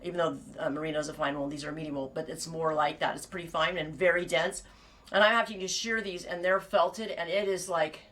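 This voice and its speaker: A woman's voice: fairly low pitch, a bit bright. Chatty woman rambling on a live stream. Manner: chatty, digressive, laughs often, many restarts. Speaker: sheep farmer and knitting vlogger.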